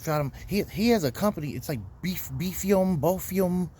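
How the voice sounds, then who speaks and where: A man's voice: fairly high pitch, expressive, fast, darkish tone, slight background noise. A young man telling a weekend story as host, casual and profane, heated as he talks. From Florida. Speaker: podcast host.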